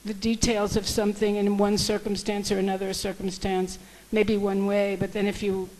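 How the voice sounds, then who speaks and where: A woman's voice: medium pitch, little pitch movement, normal speed, darkish tone, low-quality recording. A woman in the audience adds a point to a discussion. She speaks thoughtfully and carefully, restarting a word here and there. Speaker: audience member adding a point. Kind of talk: comment in a discussion.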